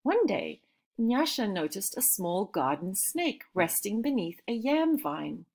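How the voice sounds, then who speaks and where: A woman reads a children's storybook aloud at an unhurried, gentle pace. Her delivery is calm and measured, with a middle pitch for a woman. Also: gravelly.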